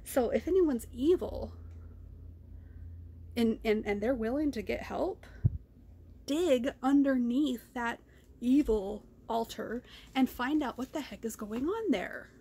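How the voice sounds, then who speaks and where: Woman, personal vlog, rambling, ranting, repeats herself, slightly high voice. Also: animated, takes it slowly, creaky, pauses often, warm tone, husky. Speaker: vlogger. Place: car.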